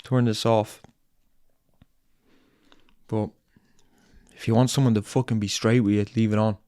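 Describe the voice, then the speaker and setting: A man's voice: lowish voice, level tone, a little slow, warm tone, clean tone, no room sound, clean studio sound. A man hosting a podcast, delivering a blunt, angry tough-love monologue full of swearing and repeated lines. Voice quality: blunt, heavy swearing, repetitive. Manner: angry, lecturing, emphatic. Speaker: podcast host.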